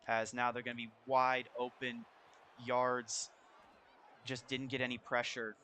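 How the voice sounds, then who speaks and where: This is a young college-aged guy doing laid-back play-by-play of a football video game, speaking softly in a shared home for his roommates' sake. His mid-range voice moves at a measured pace over a little hiss or hum, and it gets excited on the big plays.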